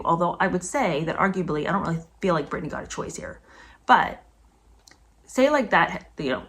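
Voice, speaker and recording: A woman giving a casual commentary vlog as a book reviewer. She talks emphatically and indignantly, with sudden high-pitched outbursts. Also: expressive, fairly quick, fairly bright tone.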